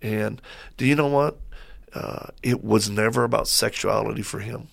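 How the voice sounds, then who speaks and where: A man as a guest on a faith talk show, telling stories in a lively way and acting out what people said. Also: lowish voice, moderate pace, creaky, husky. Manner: lively storyteller who acts out quoted voices.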